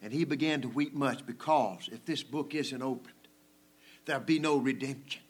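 A man preaching a sermon, his voice sitting at an everyday middle pitch. He talks to the congregation in a folksy, conversational way. His delivery swings between loud emphasis and quiet, hushed asides, with frequent chuckles. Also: normal speed.

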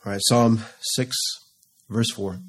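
A man preaches in a low, unhurried voice, reading scripture aloud. He builds into fervent, pleading passages as he quotes the psalms. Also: fairly even intonation, fairly bright tone. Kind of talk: sermon.

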